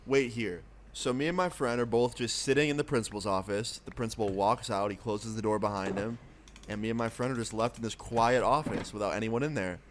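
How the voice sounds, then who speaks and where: A young adult man streamer telling a story in a casual, profane, animated way, with a noisy background of keyboard clicks. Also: lowish voice, fairly quick.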